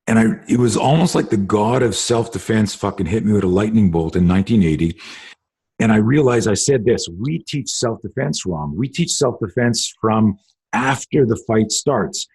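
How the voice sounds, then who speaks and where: A man's voice: on the low side, darkish tone, slightly rough. A middle-aged man, a self-defense instructor hosting a podcast, telling a story in casual, profane interview talk and acting out the dialogue.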